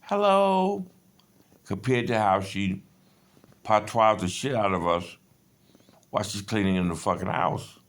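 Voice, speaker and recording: A man's voice: low voice, fairly even intonation, normal speed, pauses often, fairly bright tone. A man in his fifties in a rambling personal monologue, agitated and profane, jumping between stories. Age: 50s. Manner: agitated, profane, digressive storytelling.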